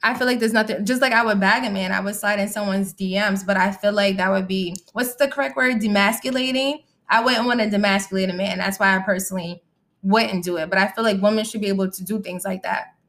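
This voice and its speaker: A woman's voice: medium pitch, steady tone, fast talker, fairly bright tone. A young adult woman hosting a casual live-audio podcast, talking bluntly and candidly and reacting to comments from the chat. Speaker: podcast host and musician.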